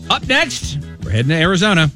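A man's voice: on the high side, very animated, fast talker, pushed and bright, soft background music. Male morning radio co-host, teasing and playful, voice that swings up and down.

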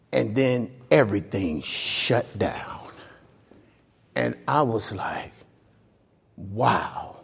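A man preaching a sermon, telling a story with animated swings from loud highs to hushed lows. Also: vocal fry. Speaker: pastor. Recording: long hall reverb.

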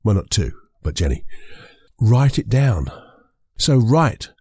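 A man with a low, husky, mellow voice, talking the listener through a self-help method. He speaks directly to them and keeps repeating the key words. The sound is dry and close, with no room in it. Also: sing-song, normal speed, dry recording. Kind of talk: motivational self-help talk.

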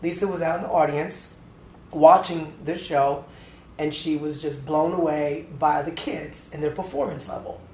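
A man in his fifties from Atlanta, Georgia, telling his story as a choreographer guest in an interview, lively and acting out the voices in his anecdotes. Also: fairly high pitch, normal speed. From Atlanta, Georgia, USA. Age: 50s. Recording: roomy echo with faint background noise.

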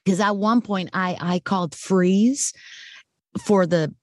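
Brief: young adult woman director, lively storyteller, swears freely, dry close sound. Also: mid-range voice, takes it slowly, no echo. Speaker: film director, guest. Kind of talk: casual interview storytelling.

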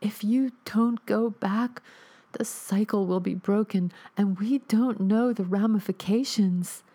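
A woman voicing the ghost of a dead mother calling through radio static in a soft, delicate whisper. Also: mid-range voice, slow pace, pitched above the performer's own voice. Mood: urgent.

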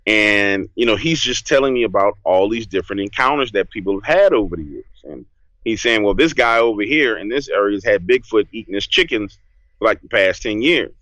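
A man, a podcast guest telling a story in a casual, lively way and acting out what he said back then. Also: lowish voice, a little fast, dry recording, poor audio. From New Orleans, USA. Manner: lively, acts out his own past lines.

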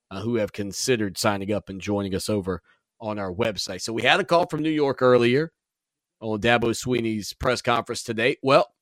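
A man hosting a sports talk show, chatty and self-deprecating as he introduces clips and pitches subscriptions. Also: no room sound, studio quality.

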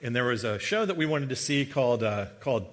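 A middle-aged man, a guest preacher, giving a sermon with a humorous personal story, animated and joking as he tells it. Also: mid-range voice, fast talker. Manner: animated storyteller, jokey asides. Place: church sanctuary. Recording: long reverb of a large hall.

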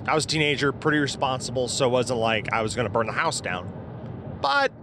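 A man's voice: medium pitch, very animated, fast, noisy background. A man from southeast Iowa casually telling a personal encounter story in a rambling, informal way, with fillers and the odd curse word. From southeast Iowa, USA.

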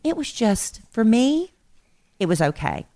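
A woman co-hosting a podcast with her husband, telling their story in a relaxed, chatty way. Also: fairly high pitch, a little slow. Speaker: podcast co-host. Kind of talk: casual chat.

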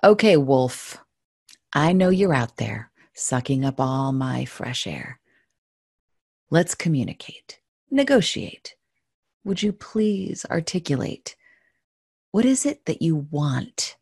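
Woman storyteller, low husky voice, slow and playful delivery in rhyme. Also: very animated, dry recording, studio quality. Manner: gentle, playful, musing. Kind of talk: reading a rhyming story aloud.

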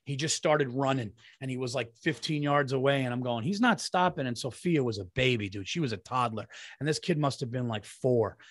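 A man's voice: mid-range voice, brisk, few pauses, dry recording. Exasperated swearing man, dry sound. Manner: exasperated, profane ranting. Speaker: podcast co-host. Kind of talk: casual crude banter.

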